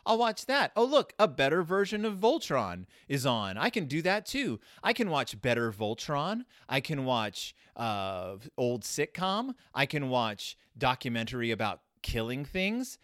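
A man's voice: a little slow, few pauses, dry recording, studio quality. A man casually hosting a podcast, reviewing a children's book in a rambling, sarcastic monologue. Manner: rambling, sarcastic, animated swings in pitch and loudness.

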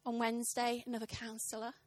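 A woman in her thirties preaching a sermon, telling a funny story with animated, impassioned, punchy delivery to a church congregation. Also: a little high, fast talker, dry recording. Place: church service.

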